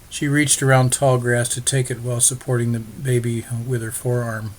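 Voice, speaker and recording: A man's voice: mid-range voice, level tone, moderate pace. Man steadily narrating a story. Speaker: audiobook narrator. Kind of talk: scripted narration.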